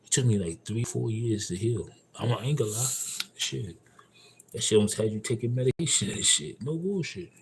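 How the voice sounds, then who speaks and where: A man in a casual livestream monologue, telling a story in a profane, emphatic and rambling way. He swings between loud outbursts and low mutters. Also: lively intonation, a little fast, a little hiss or hum, rough recording. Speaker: livestream host.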